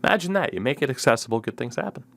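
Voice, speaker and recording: A man's voice: medium pitch, lively intonation, racing, a bit bright. Man, podcast host, casual chat, rambling, sardonic.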